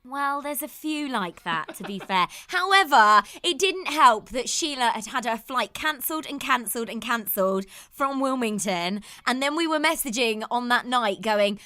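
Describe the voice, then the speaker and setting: British female co-host, chatty storyteller, high lively voice, dry close sound. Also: normal speed, few pauses, no room sound. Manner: chatty storyteller, laughs often. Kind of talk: casual chat.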